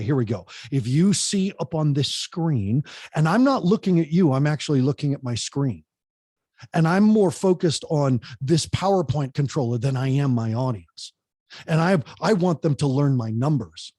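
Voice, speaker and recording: A podcast guest who coaches public speaking gives energetic advice on holding an audience, talking fast in a slightly high, husky voice. Animated, he keeps addressing the listener directly and calls the host by name. The recording is dry and close, with no room sound.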